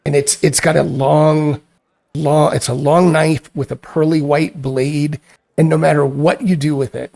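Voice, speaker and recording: A man voicing a frightened young woman who begs for help to find her kidnapped brother, speaking in halting, tearful pleas. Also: fairly high pitch, creaky, a little mellow. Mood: hopeful.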